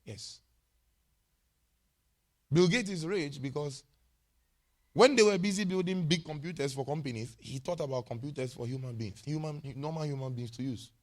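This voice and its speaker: A man's voice: a little high, moderate pace, pauses often. A male pastor preaching a sermon, emphatic and repetitive, often checking in with his congregation.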